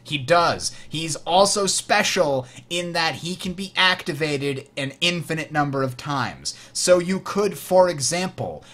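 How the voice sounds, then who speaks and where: A young man with a bright, somewhat high voice walks through a board game turn by turn. He explains the rules out loud and laughs easily as the dice fall. His talk is casual and enthusiastic. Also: expressive, unhurried, hardly any pauses.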